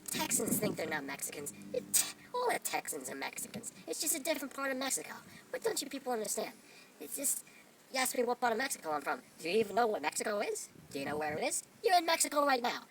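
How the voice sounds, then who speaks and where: A man doing a swaggering, self-proclaimed real Mexican who rambles and lectures with a lively, swooping delivery. He sounds a little away from the mic, and the outdoor recording has heavy background noise. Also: high voice, distant mic. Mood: lecturing. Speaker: vlogger in character. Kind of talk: improvised comedy monologue. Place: outdoors among trees.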